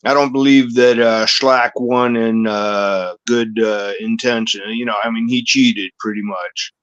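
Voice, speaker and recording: A man appearing as a guest wrestler on a podcast, talking haltingly with many fillers. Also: medium pitch, fairly even intonation, a bit bright, smooth, no room sound, lo-fi sound. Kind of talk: casual podcast interview.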